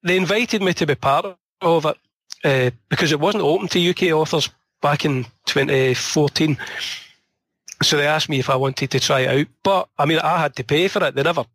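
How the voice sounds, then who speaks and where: A man's voice: a little high, moderate pace, fairly bright tone, no echo. A man with a Glasgow accent, an author chatting in an interview, rambling and telling stories, his voice tiring and slightly strained. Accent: Scottish, Glasgow. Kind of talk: casual conversation.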